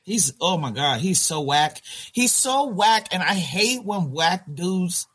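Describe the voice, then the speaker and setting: Loud, bright, husky-voiced man joking. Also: sits high, takes it slowly. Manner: loud, animated, joking, breaks into improvised silly songs. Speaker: podcast co-host. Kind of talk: casual reality-TV recap chat.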